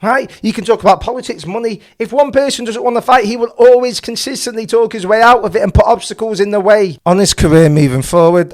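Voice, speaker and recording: A man's voice: high voice, lively intonation, fast, few pauses. A man hosting a boxing channel, giving passionate, opinionated commentary full of rhetorical questions.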